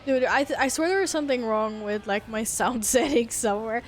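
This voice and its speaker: A woman's voice: fairly high pitch, a little fast. A woman streamer in casual chat, swearing, laughing and reading chat messages aloud.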